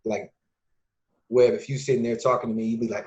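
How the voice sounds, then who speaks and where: A man from Illinois, a podcast guest and youth mentor, talking casually and acting out quoted dialogue with lively changes of voice. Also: fairly low pitch, a little fast. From Lake County, Illinois, USA. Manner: lively storyteller who acts out quoted dialogue. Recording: dull lo-fi recording.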